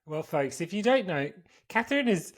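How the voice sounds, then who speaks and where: A man's voice: sits high, very animated, normal speed. A young man co-hosting a podcast, bantering and teasing in casual chat. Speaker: podcast co-host.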